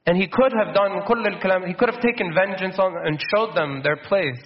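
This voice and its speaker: A man giving a conversational sermon, slowing down to stress quotations and slipping in Arabic words. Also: high voice. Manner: conversational preaching, slows for quotes, mixes in Arabic words. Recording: dull muffled sound.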